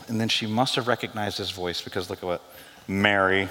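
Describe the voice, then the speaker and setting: A man preaching a sermon to a church crowd, joking and swinging between loud and hushed. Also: fairly low pitch, steady tone, brisk, slight background noise. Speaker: pastor. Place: church hall. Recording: hall reverb.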